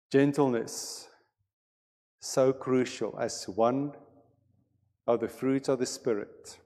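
Male pastor, mid-pitched, unhurried sermon delivery, church hall with a long echo. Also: steady tone, a little mellow. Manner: measured, deliberate preaching. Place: church sanctuary.

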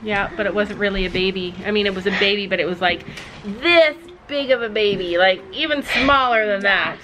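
A woman vlogging casually to her viewers, chatty and animated as she talks straight to the camera from her backyard. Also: medium pitch, a little fast, a little hiss or hum. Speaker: family vlogger. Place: outdoors in a backyard.

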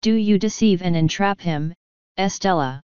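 A woman's voice: fairly low pitch, normal speed, darkish tone, clean tone, no room sound, close to an everyday voice. Earnest young guy pleading, woman reading him, dry close sound, kinda muffled. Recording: dull lo-fi dry recording.

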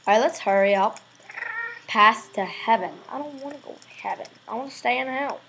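A woman giving casual, excitable let's-play commentary, swearing freely and breaking into loud sudden exclamations. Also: a little high, a little fast, vocal fry, slight background noise, rough recording. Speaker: gameplay video host.

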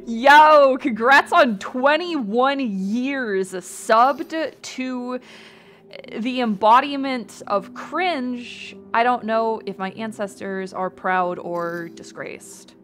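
A woman's voice: fairly high pitch, extremely slow, a bit bright. A woman VTuber streamer chatting casually, reading chat and thanking viewers, rambling, swearing often and laughing a lot. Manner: reads out chat names and thanks.

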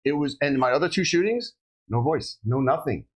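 A man's voice: fairly high pitch, lively intonation, moderate pace, rough recording. A middle-aged man, a police officer, telling a story in a casual podcast chat and acting out the voices he quotes. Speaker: police officer recounting a shooting.

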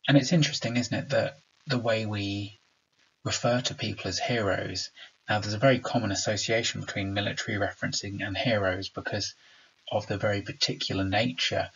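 A man's voice: on the low side, fairly even intonation, brisk, gravelly, a bit bright, lo-fi sound, slight background noise. A man teaching a recorded remote lesson. He explains patiently and sounds out rhythms aloud to make his points.

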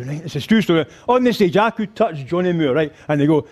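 A man's voice: on the high side, moderate pace, hardly any pauses, slight background noise. An older man with a Scottish accent telling crude stories in a live stand-up routine, mimicking voices and humming tunes. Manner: animated storytelling, crude, mimics voices and sings band intros. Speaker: stand-up comedian. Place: rugby club function hall.

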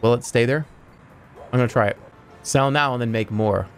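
A man streaming a video game, talking his way through it with sudden yelps, swearing and bursts of excitement, and sometimes reading the game's dialogue aloud. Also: mid-range voice, normal speed, slight background noise. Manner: excitable, swearing, yelps and shouts when things go wrong. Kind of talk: live gameplay commentary.

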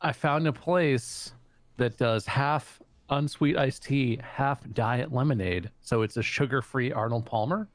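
A man's voice: medium pitch, unhurried, dry recording. A man co-hosting a casual gaming podcast, joking around in a playful, crude way. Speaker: podcast co-host. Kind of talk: casual chat while gaming.

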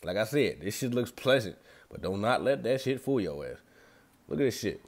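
Low-voiced young man. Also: sing-song, normal speed. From Atlanta, USA. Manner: loose, slangy and profane, talks straight to viewers. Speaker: vlogger. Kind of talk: casual rambling vlog.

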